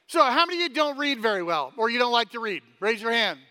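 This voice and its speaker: A man preaching a sermon as pastor, energetic and chatty, often tossing "right?" at the congregation and restarting his sentences. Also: extremely high pitch, fast. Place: church hall. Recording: long hall reverb.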